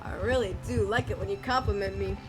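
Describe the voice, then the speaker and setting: A woman's voice: medium pitch, steady tone, fast talker. A young woman streamer chatting casually, playful and mock-bossy, swearing and hurling silly insults. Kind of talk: casual chat. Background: music.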